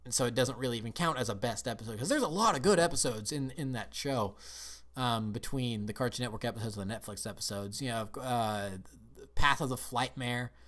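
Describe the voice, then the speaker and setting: A man's voice: mid-range voice, a little fast, a bit bright. A man talking casually as a film and TV reviewer, eager and rambling, often restarting his sentences.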